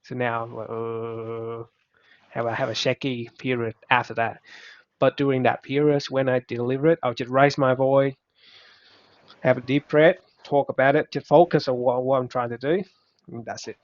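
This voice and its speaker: A man whose first language is Vietnamese, giving casual, halting advice in English with many restarts. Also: medium pitch, fairly even intonation. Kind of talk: casual conversation. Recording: muffled lo-fi recording.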